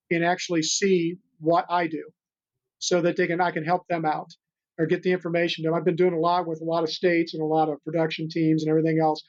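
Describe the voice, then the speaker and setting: Older male guest, high-pitched, earnest and rambling; muffled lo-fi audio. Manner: earnest, rambling, many restarts. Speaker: guest, animal rescuer. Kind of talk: storytelling interview talk. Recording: dull lo-fi sound.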